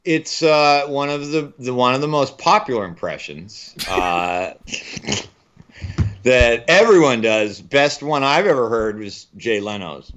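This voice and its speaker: A man's voice: mid-range voice, animated, slow pace, fairly bright tone. Podcast co-host, a man with a mid-range voice, wry, rambling delivery, slightly lo-fi recording. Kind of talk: casual chat.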